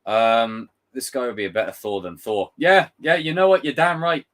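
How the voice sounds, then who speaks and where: A young male streamer reacts to a trailer with casual, rambling live commentary, joking and swearing freely. His voice is mid-range and his pace moderate.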